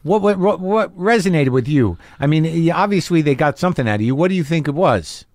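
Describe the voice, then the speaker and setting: A man's voice: on the high side, brisk, no room sound. Male podcast host, dry close sound. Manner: keeps up a steady stream of short "yeah" backchannels. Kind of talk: casual interview. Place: home garage studio.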